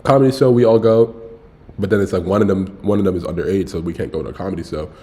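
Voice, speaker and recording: A man's voice: low voice, quick pace, mellow. A young man streaming, telling a story in a loose, slangy way with lots of swearing. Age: young adult. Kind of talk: casual storytelling livestream.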